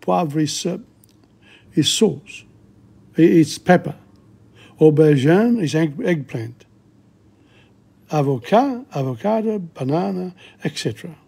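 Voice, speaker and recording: A man teaching a casual vocabulary lesson, slowly repeating words aloud with hesitant fillers. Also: a little high, animated, creaky, dark tone, breathy edge. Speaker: language teacher.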